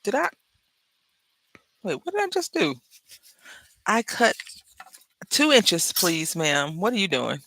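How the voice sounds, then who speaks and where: A woman's voice: mid-range voice, very animated, takes it slowly, vocal fry, long pauses, fairly bright tone, no echo. A woman hosting a crafting tutorial, chatting casually and rambling into asides to her viewers as she works. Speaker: crafting channel host.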